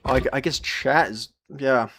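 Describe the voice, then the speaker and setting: A young man with an average-pitched voice chats loosely with his stream while he solders. He rambles, swears freely and laughs at himself, and his voice drifts away from the mic as he leans over the work. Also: a little slow, fairly bright tone. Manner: talks to chat while working, often turned away from the mic. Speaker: livestreamer. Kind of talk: casual live-stream chat while soldering.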